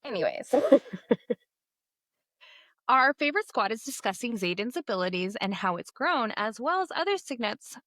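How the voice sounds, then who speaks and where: A woman's voice: fairly high pitch, animated, normal speed, pauses often, pushed and bright, no room sound. A woman co-hosting a casual book-club podcast, giggly and self-deprecating, often stumbling over words. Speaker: podcast co-host.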